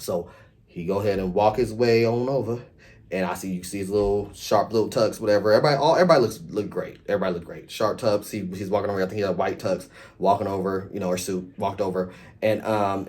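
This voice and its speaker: A man with a fairly low-pitched voice casually recaps a reality TV episode at a quick pace. He is chatty and animated, acting out quotes and swearing freely.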